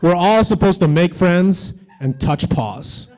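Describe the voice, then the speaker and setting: A man's voice: high voice, animated, takes it slowly, a little mellow, rough recording. A man doing a stand-up comedy set on a convention stage, with edgy, teasing banter toward the crowd.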